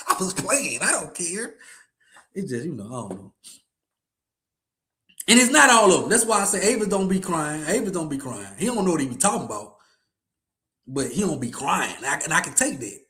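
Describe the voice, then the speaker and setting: Animated high-voiced man ranting. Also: normal speed, long pauses. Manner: animated, ranting, slangy, repeats himself. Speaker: podcast host. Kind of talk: casual sports podcast rant.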